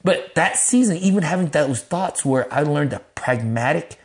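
A middle-aged man, a pastor, telling his life story in an interview in a lively, casual way, acting out quotes in a raised voice and cursing freely. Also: moderate pace. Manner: animated, acts out quotes in a high voice, laughs, swears casually.

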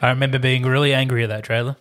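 A man's voice: mid-range voice, little pitch movement, rapid-fire, very noisy. A man co-hosting a casual film review chat, giving blunt, dry opinions. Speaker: film podcast co-host.

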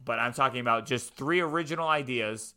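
A man's voice: mid-range voice, fairly quick, sharp tone. A man co-hosting a podcast in casual chat, insistent and laughing often. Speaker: podcast co-host.

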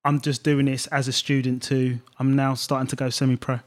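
A man's voice: mid-range voice, level tone, fairly quick. Conversational male interviewer. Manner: conversational, steers the talk with questions. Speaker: interviewer host. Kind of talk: interview questions.

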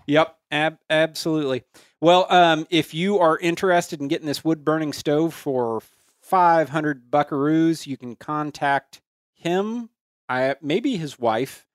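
Higher-voiced man reading listings on a podcast. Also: clear, resonant tone, no room sound, clean studio sound. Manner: reads listings deliberately, spelling out handles letter by letter. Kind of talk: casual podcast chat.

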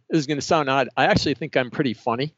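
A middle-aged man speaks in a measured, dry, understated way as an interview guest. His voice sits at an everyday pitch. The audio is slightly dull and lo-fi, with a close, dry sound. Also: no room sound. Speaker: professor and research supervisor. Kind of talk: casual interview answers.

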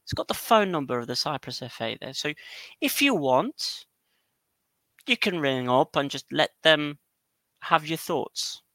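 Bright-voiced man co-hosting a football chat. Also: fairly high pitch, unhurried, no room sound. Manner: animated, laughs often, reads documents aloud. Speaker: podcast co-host.

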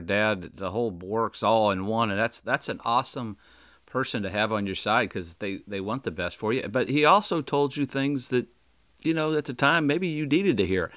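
A man's voice: on the low side, a bit bright, no room sound. A man hosting a radio interview, asking questions and reflecting on the answers in an encouraging way. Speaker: radio host.

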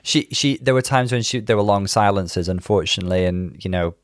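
A man with a low voice co-hosting a podcast, making measured comments laced with dry, wry humour. The recording is close and dry, with no room sound. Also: no echo. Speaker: podcast co-host. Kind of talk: casual chat reviewing a show.

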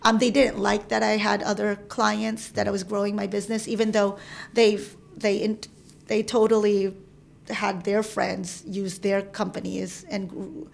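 Woman, thirties, gravelly voice, middle pitch, lively storyteller, quotes others in put-on voices. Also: a little slow. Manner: animated, acts out quoted voices. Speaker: interview guest. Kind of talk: casual storytelling. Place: San Francisco.

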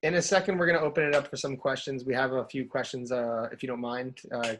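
A man's voice: medium pitch, steady tone, fast talker, fairly bright tone, slight background noise. A man co-hosting a casual podcast, laid-back and joking. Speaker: podcast co-host.

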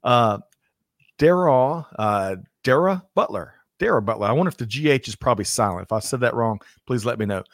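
Energetic man hosting a live show. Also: medium pitch, fairly quick, dry recording, studio quality. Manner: energetic, reads out viewer names, jokey. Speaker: livestream co-host. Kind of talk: upbeat live show banter.

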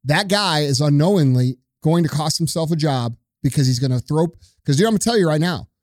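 A man's voice: fairly high pitch, lively intonation, brisk, dry recording, studio quality. A man co-hosting a podcast, ranting with profanity in casual talk. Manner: profane, forceful, preachy. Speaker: podcast co-host.

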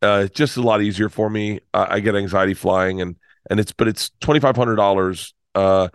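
Low-voiced man telling a rambling story. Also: steady tone, a little fast, clean tone, no echo, studio quality. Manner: rambling with restarts and swearing. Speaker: guest comedian. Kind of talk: storytelling in conversation.

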